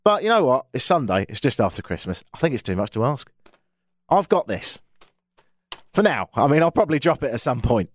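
A man's voice: a little high, no echo. An English man hosting a radio talk show from a studio, with dry, self-mocking banter. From England. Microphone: studio microphone.

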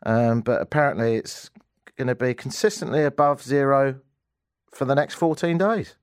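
A man's voice: medium pitch, normal speed, clear, resonant tone, dry recording, studio quality. A man hosting a live radio show, chatting casually in a jokey, teasing way and laughing often. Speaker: radio host. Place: radio studio. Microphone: studio microphone.

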